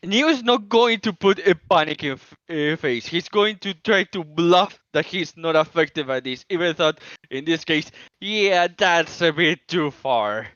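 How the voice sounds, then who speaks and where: Male player, crisp, bright tone, eager and stammering, on a dull mic. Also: fairly high pitch, animated, no echo. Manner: stammering, quick to jump in. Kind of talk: tabletop game chat.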